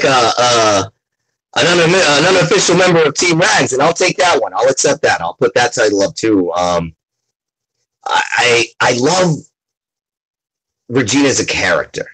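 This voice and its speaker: A man, a comic artist as guest, chatting excitably over a video call and often asking "you know what I mean". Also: on the low side, poor audio. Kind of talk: casual chat.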